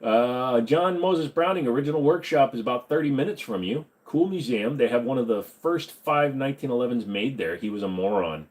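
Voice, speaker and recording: Joking livestream host, lively pitch. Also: male voice, brisk, hardly any pauses. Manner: joking, rambling, self-correcting. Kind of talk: casual livestream Q&A reading chat.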